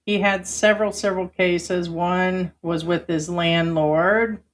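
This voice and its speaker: A woman hosts a livestream, reading viewer comments aloud and answering them with emphatic indignation. Her voice is on the low side, steady in tone, and slow.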